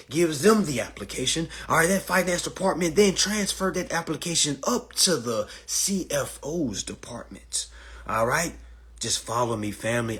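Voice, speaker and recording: A man's voice: on the high side, breathy edge. A man giving a casual, profane monologue lesson to his listeners. He keeps asking "all right?" and calls them family. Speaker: host explaining finance to listeners.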